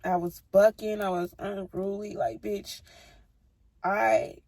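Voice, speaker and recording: A woman's voice: medium pitch, level tone, takes it slowly, darkish tone, dry recording. A young woman vlogger telling a personal story in a blunt, heated, profane way. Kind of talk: casual storytime.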